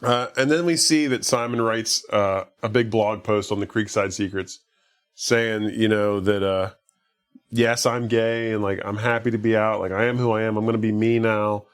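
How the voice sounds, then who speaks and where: In a lowish voice at normal speed and with fairly even intonation, a man co-hosting a podcast rambles through a movie summary. He uses lots of "like" and voices the characters' lines himself.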